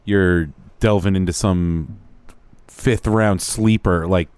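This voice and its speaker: A man's voice: deep voice, steady tone, slow, darkish tone, clean tone, no room sound. A man co-hosting a radio show, chiming in with dry, needling asides. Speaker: radio co-host. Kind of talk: casual radio banter.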